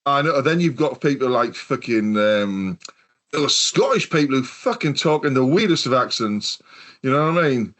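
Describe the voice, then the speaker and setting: A man's voice: mid-range voice, big pitch swings, normal speed, fairly bright tone. A man from the UK hosting a casual podcast chat, telling stories in a rambling way and swearing often. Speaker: podcast host.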